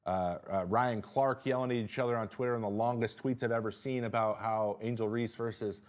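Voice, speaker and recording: A man hosting a casual live-stream chat from a small studio, animated, jumping high in pitch when he reacts, with lots of fillers and restarts. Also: a little fast. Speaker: host.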